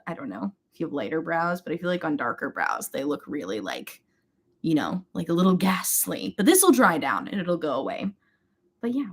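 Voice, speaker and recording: A young woman chatting casually with viewers while doing her makeup on a livestream, rambling and greeting people by name. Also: fairly low pitch. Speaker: beauty livestream host.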